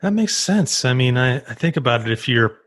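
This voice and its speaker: A man hosting a podcast conversation, thinking out loud and restarting his sentences as he goes. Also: medium pitch, expressive, a little fast. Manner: thinks aloud with repeated starts. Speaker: podcast host. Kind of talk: conversational interview.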